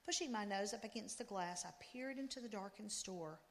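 A woman's voice: medium pitch, fairly quick. Woman reading a story in a church. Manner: expressive storytelling. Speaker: story reader. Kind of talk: reading a Christmas story aloud. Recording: long reverb in a church.

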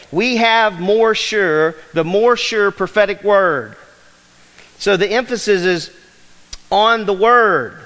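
Male pastor, 50s, high voice, emphatic preacher asking the room questions; long hall echo. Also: bright, forceful tone. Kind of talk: sermon. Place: church sanctuary. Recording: long reverb of a large hall.

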